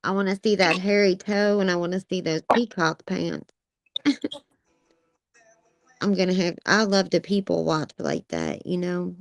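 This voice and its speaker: A woman's voice: lowish voice, animated, measured pace, creaky, long pauses, dry recording. A woman in casual chat, reacting often with exclamations of disgust.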